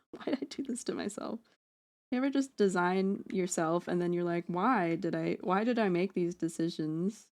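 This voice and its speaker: A woman streaming live from home on a close mic, chatting while she draws, rambling, joking at her own expense and swearing freely. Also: medium pitch. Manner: rambling, self-deprecating, swears freely, jokey asides. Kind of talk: casual live-stream chat while drawing.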